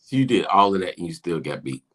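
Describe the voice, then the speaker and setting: A man's voice: low voice, sing-song, fast, a bit bright. A man in casual talk-show banter, jokingly scolding as if he were the storyteller's mother. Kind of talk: casual chat.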